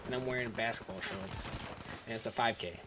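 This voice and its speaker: A man's voice: on the low side, fairly quick, noisy background. A young man vlogging, telling a story in a rambling, casual way full of fillers like "like" and "um". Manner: rambling, filler-heavy, restarts often.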